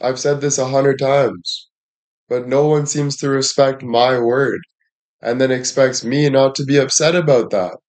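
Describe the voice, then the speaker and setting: A man's voice: mid-range voice, fairly even intonation, unhurried, a little mellow. A man livestreaming and addressing his chat in a heated rant, frustrated, swearing often and repeating himself.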